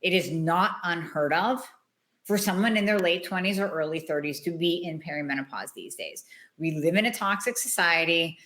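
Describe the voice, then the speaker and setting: A woman's voice: lowish voice, normal speed, fairly bright tone. A woman hosting a solo health podcast, talking in a blunt, emphatic, conversational way. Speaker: podcast host, hormone doctor.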